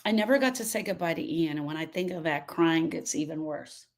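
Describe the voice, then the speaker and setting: A woman's voice: low voice, brisk. A woman coaching on grief in a live stream, answering viewers by name. She repeats her points with emphasis and often sidetracks. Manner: emphatic and repetitive, restating points, prone to sidetracks.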